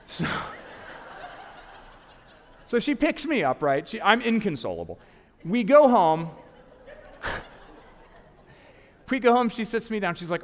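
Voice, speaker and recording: A lively man in his forties from the American South tells a story live on a big theater stage, his pitch rising and falling a lot as he acts out the people in it. His voice sits a bit high for a man. The hall adds a long, ringing reverb. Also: measured pace, long pauses. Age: 40s. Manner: animated, self-mocking, acts out quoted people. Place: large theater stage before an audience.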